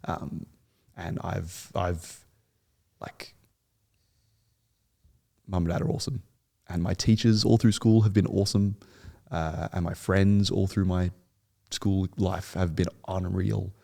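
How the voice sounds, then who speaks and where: Young man, podcast guest, gravelly, fairly low voice, earnest, rambling. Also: steady tone, slow pace, pauses often, mellow. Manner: earnest, rambling with frequent restarts. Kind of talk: podcast interview.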